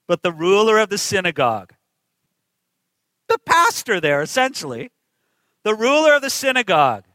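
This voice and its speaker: A man's voice: sits high, huge pitch swings, moderate pace, pauses often, pushed and bright, no room sound, poor audio. A man preaching a sermon, emphatic and full of rhetorical questions to his listeners.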